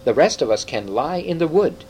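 A man reading an audiobook, voicing an excitable old half-dwarf scholar who lectures briskly. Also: on the high side, a little hiss or hum, pitched above the performer's own voice, close to an everyday voice, low-quality recording. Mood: explaining.

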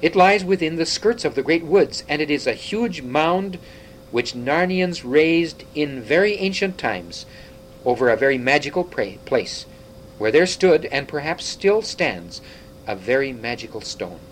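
A man reading an audiobook, voicing an excitable old half-dwarf scholar who lectures briskly. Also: fairly high pitch, slight background noise, voice pushed up, low-quality recording. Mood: explaining.

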